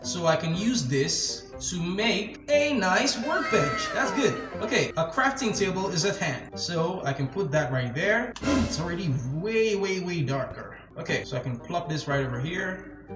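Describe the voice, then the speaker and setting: A young man hosting a gaming channel, narrating his game step by step in a jumpy, excitable way, quick to get scared and laugh. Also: high-pitched. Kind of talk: casual gameplay commentary. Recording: roomy sound with game music behind. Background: game music.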